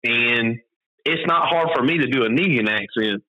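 A man's voice: mid-range voice, moderate pace. A man from the Southern US with a Southern accent, a guest talking in easygoing, filler-heavy casual chat. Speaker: guest, video creator. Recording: muffled lo-fi audio.

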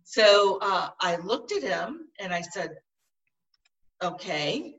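A middle-aged woman recounts a personal experience in an earnest, halting way, circling back and restarting her phrases. Her tone is bright and sharp. She sits a little away from the microphone. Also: medium pitch, animated, recorded from a distance, highs cut off. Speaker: guest. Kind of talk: personal storytelling in conversation.

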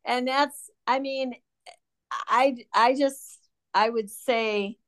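A woman's voice: on the high side, fairly even intonation, drawn-out words. A middle-aged woman from Michigan, a guest telling her story in a frank, blunt, sardonic conversational way. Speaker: interview guest.

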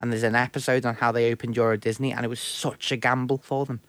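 A young man co-hosting a casual podcast chat, talkative and quick to laugh, often repeating words as he starts a thought. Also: mid-range voice, flat delivery, a bit bright, no room sound. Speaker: podcast co-host.

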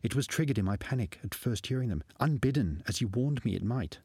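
A man's voice: medium pitch, lively intonation, a little fast, darkish tone, husky, no echo, pitched above the performer's own voice. A man voicing a shy, earnest young apprentice bard who hesitates and stammers.

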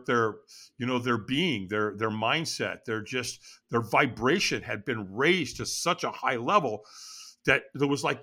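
A middle-aged man telling his story as an interview guest, acting out his own past lines with sudden leaps in pitch. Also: bright, forceful tone. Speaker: podcast guest.

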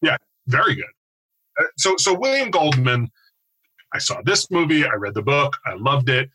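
A man's voice: medium pitch, big pitch swings, moderate pace, sharp tone, a little hiss or hum, rough recording. A man in his forties from the United States, telling a long self-deprecating story in casual podcast chat. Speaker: podcast co-host.

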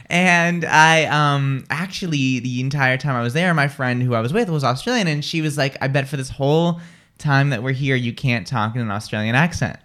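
A woman's voice: a bass voice, fairly bright tone. A young woman hosting a casual morning radio chat, rambling and laughing, often restarting her sentences. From California. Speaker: radio show host.

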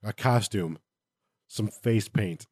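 A man co-hosting a podcast with a fairly low voice, reviewing game books in casual chat. He gives blunt opinions and fills the gaps with plenty of uhs. The sound is dry and close to the mic. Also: takes it slowly, darkish tone, husky, dry recording. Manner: blunt opinions, many fillers.

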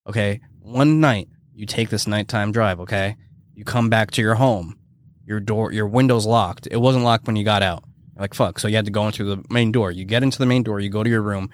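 Low-voiced rambling male podcast host. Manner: rambling, heavy use of "like" and swearing. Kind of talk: casual chat.

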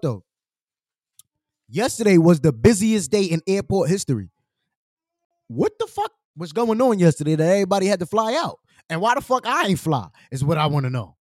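A man hosting a casual livestream, talking in animated slang while eating. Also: a little high, no echo, studio quality. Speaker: livestream host.

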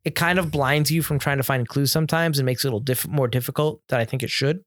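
A man's voice: medium pitch, steady tone, quick pace, a bit bright, no room sound. An American man co-hosts a casual conversation in a dry, close-miked sound. His delivery is opinionated and rambling, and he often restarts his sentences as he builds an argument. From United States. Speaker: podcast co-host. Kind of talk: casual chat about video games.

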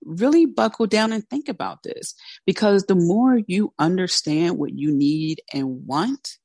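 A woman with a low voice coaches her listeners on a motivational podcast. She talks in a direct, candid, conversational way. Her voice is dry and close, with no room sound. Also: lively intonation, unhurried, darkish tone, slightly rough, no echo. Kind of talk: motivational solo talk.

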